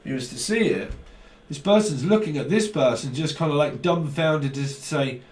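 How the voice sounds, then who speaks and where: A man talks through a tarot reading in a loose, rambling way, swearing and dropping slang as he goes. His voice sits a little high for a man. The sound is roomy, picked up from a mic set some distance away. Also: lively intonation, moderate pace, darkish tone. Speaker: tarot reader. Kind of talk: casual tarot reading monologue.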